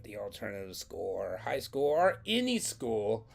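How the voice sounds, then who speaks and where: A man's voice: lowish voice, sing-song, measured pace, gravelly, hardly any pauses. A young man casually telling a long, rambling, profane story from his school days in a vlog. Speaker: vlogger.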